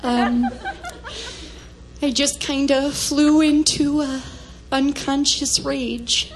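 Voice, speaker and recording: A woman's voice: sits high, steady tone, very slow, background noise, heavily acted. A woman comedian performing a character monologue as a prim, flustered mother with folksy sayings. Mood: sheepish. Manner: prudish, folksy, escalating into manic shouting.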